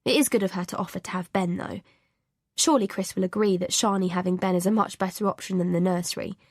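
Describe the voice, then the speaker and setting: A woman's voice: lowish voice, fairly even intonation, quick pace, a little mellow, dry recording. Female audiobook narrator, first-person, tense confessional read, dry sound. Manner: anxious, confessional inner voice.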